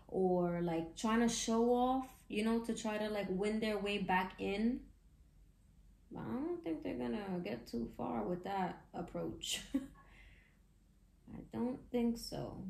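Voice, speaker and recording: Woman, tarot reader, excitable and slangy, middle pitch, echoey room. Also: slow, vocal fry. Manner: excited, chatty, slangy, laughs often. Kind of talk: casual tarot reading.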